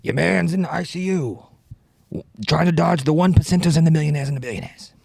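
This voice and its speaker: Ranting old politician guy done by a man, loud and emphatic, dry sound. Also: fairly high pitch, fast, gravelly, husky, no echo, pitched above the performer's own voice. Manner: ranting, emphatic, preachy rapping. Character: older male politician ranting in rap form.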